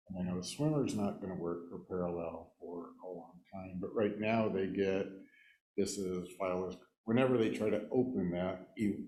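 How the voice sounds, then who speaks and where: A man in the audience at a conference asking questions, halting and rephrasing as he goes. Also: deep voice, dark tone, echoey room, rough recording. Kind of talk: conference Q&A discussion. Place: conference room.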